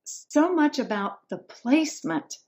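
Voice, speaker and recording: A woman from the Ozarks, an audiobook narrator, answering interview questions in a measured, explanatory way. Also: high-pitched, animated, darkish tone. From the Ozarks, southern United States. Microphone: remote call on video.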